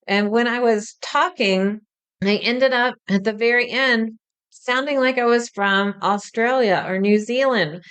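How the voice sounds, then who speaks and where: Smooth-voiced woman, chatty and frank. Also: on the high side, a little slow, fairly bright tone. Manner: chatty and frank, drops casual swearing. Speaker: spiritual medium and podcast host. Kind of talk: casual podcast teaching.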